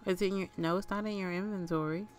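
A woman's voice: on the low side, steady tone, fast, soft background music. Chatty woman narrating her life-sim game. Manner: chatty, talks to her game characters like family. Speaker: gaming channel host. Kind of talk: casual life-sim gameplay commentary.

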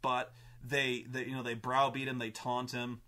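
Man, game master, bright tense voice, excitable profane storytelling, restarts. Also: mid-range voice, moderate pace. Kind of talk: animated tabletop storytelling.

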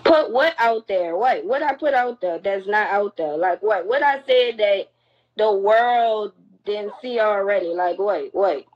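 A woman's voice: medium pitch, lively intonation, a little slow. A young woman on a live stream, bluntly and confrontationally scolding the people watching. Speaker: livestreamer. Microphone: phone. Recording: lo-fi phone livestream audio.

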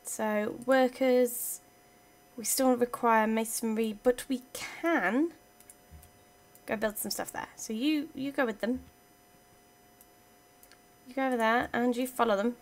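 A woman's voice: on the high side, steady tone, slow pace, pauses often. A woman giving casual let's-play commentary, chatting playfully to her game units as she plays. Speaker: gaming channel host.

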